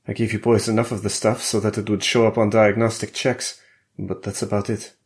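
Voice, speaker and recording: A man's voice: fairly low pitch, level tone, fairly quick, close to an everyday voice. A man voicing a tired middle-aged scientist in a thriller audiobook, confessional and resigned. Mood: weary.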